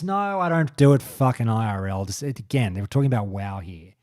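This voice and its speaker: A man's voice: mid-range voice, animated, fairly quick, few pauses, dry recording. A man in his forties hosting a podcast, rambling through a casual monologue in a blunt, profane way. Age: 40s. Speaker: podcast host.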